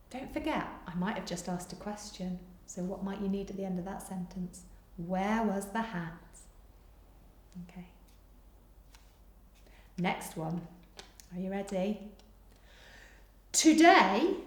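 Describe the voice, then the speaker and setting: Lively, slow-talking teacher woman, echoey room. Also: mid-range voice. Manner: slow, exaggerated dictation with big praise. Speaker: primary school teacher. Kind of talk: remote lesson for young children.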